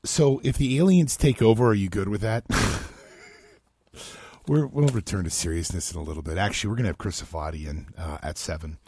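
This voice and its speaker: A talk radio host with a gravelly, husky voice that swings widely in pitch as he rambles through casual banter. He cracks self-deprecating asides, and the sound is dry and close. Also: fairly quick, darkish tone, no room sound.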